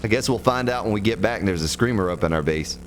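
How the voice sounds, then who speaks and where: A let's play streamer with a lowish voice talks at a quick pace, giving folksy, joking commentary on a survival game and calling viewers by name. It's casual gameplay talk, with game music behind him and a little hiss or hum.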